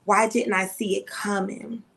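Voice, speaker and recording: A woman co-hosting a podcast in casual conversation. She talks candidly and with emphasis, drawing on her own experience, and her pitch sits in an ordinary middle range. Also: little pitch movement, unhurried, creaky, fairly bright tone. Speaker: podcast co-host. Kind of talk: casual chat.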